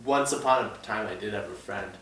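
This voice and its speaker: Guy rambling about a movie, bright voice, echoey room mic kinda far off. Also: lowish voice, fairly quick. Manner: rambling, many restarts and fillers. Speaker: podcast co-host. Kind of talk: casual movie review chat. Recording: echoey room, distant mic, faint noise.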